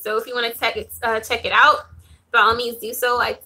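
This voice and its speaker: Bright-voiced young woman vlogging casually. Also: fairly high pitch, steady tone, normal speed. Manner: loose, chatty, filler-heavy with frequent soft laughs. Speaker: spiritual reader vlogger. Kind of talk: casual talking-head vlog.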